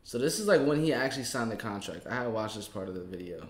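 A man's voice: fairly low pitch, expressive, fast talker, roomy sound. A man reacting to a clip in casual commentary, talking straight to his viewers. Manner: chatty, talks straight to viewers. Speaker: reaction video host.

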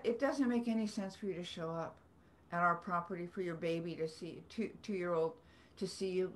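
A woman's voice: on the low side, fairly even intonation, fairly quick, hardly any pauses. Woman telling stories on a video call. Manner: earnest, rambling storyteller with self-deprecating humor. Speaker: author guest. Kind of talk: storytelling in a video-call book club.

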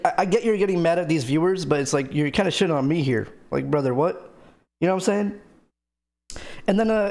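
Talking casually to his stream audience, a man vents and wanders off on tangents, full of fillers and curse words. He has a high voice with vocal fry and a slightly mellow quality.

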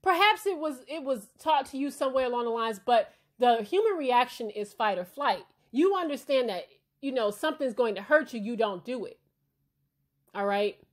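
A woman's voice: a little high, expressive, normal speed. A woman who is a parent hosting a casual opinion commentary, talking bluntly and emphatically and often checking in with her listeners. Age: adult parent. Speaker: commentary channel host.

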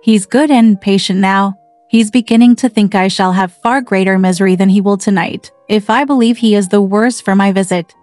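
A woman's voice: medium pitch, steady tone, moderate pace, a little mellow, no echo, faint music behind, natural voice. A woman reading the part of an eager, coaxing girl of almost seventeen in a storybook reading. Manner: pleading and coaxing.

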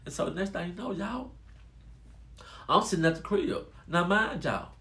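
Brief: male vlogger, slightly high voice, animated casual storytelling, talks straight to viewers. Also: moderate pace. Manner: animated, addresses listeners as y'all.

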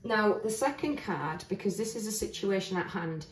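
A woman talks through a tarot spread in a chatty, earnest way, often restarting her sentences as she thinks aloud. Her voice sits at a middle pitch. It rings in a roomy space and sounds a little off-mic. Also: expressive, moderate pace. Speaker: tarot reader. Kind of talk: casual spoken tarot reading. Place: indoors, standing at a table of cards. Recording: roomy echo, voice heard from a distance.

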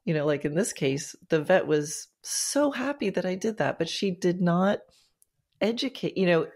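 A woman's voice: on the low side, animated, moderate pace, a little mellow. A woman hosting a podcast interview, talking in an enthusiastic, casual way with many fillers and restarts. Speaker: podcast host.

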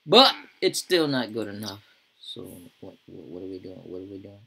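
Gaming YouTuber, man, low gravelly voice, loose profane slangy commentary. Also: big pitch swings, normal speed, bright, forceful tone, poor audio. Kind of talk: casual gameplay commentary.

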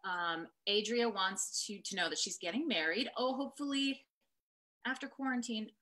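A woman's voice: mid-range voice, moderate pace, poor audio. A woman hosting an interview over a video call, steadily reading out viewer messages. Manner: steady, relays viewer comments. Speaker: radio host.

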